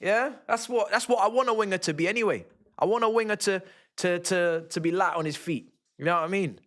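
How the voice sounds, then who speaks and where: Young man, bright sharp voice, streams football watch-alongs, slangy and excitable, shouts at goals. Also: high voice, a little fast. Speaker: fan streamer. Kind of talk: live match watch-along commentary.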